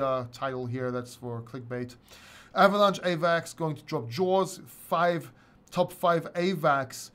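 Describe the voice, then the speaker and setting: A middle-aged man hosting a casual livestream chat, rambling, swearing and laughing often. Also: fairly high pitch. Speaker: host.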